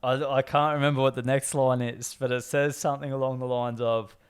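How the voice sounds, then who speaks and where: A man's voice: medium pitch, flat delivery, fairly quick, clean tone. A man co-hosting a casual podcast, talking in crude, joking banter. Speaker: podcast co-host. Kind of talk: casual chat.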